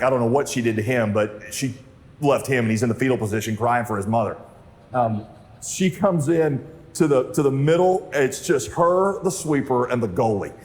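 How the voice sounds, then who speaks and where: A man preaching a sermon, telling a story with lively acted-out dialogue that sometimes rises to near shouting. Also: mid-range voice, big-room sound. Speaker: pastor.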